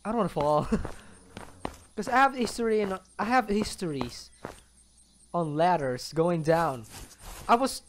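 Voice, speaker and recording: A young man playing a video game alone, reacting out loud and chatting to the characters on screen. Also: high-pitched, a little slow, pauses often, a little hiss or hum. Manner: excitable, talks to the game characters, laughs often. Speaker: gaming channel host. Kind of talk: solo let's play commentary.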